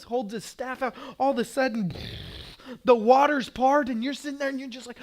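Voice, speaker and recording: Preaching with an Oklahoman accent, this male pastor speaks at a moderate pace in a very high-pitched voice. He animates his stories by acting out scenes, occasionally climbing to a shout.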